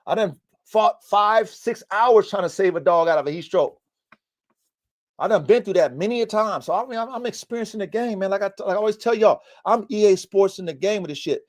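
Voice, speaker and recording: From his home in the mountains, a dog breeder hosts a casual live-stream podcast about his dogs. He's blunt and preachy, swears often, and repeats himself for emphasis. His high-pitched voice is a little fast with a darkish tone.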